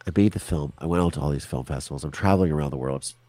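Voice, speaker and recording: A man's voice: rumbling low, racing, warm tone, no room sound. A man as an interview guest, talking candidly and animatedly in a casual conversation over a remote call, with frequent restarts and swearing.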